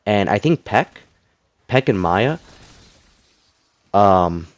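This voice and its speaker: A man's voice: lowish voice, animated, very slow, no room sound. A man giving a casual gaming rant to his audience, rambling with many fillers and restarts. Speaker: gaming commentator.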